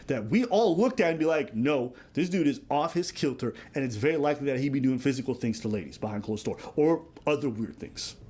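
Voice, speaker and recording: A man's voice: a little high, darkish tone, husky. Man making pointed commentary. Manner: pointed, rhetorical questions. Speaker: show host in a played clip. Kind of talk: opinion commentary.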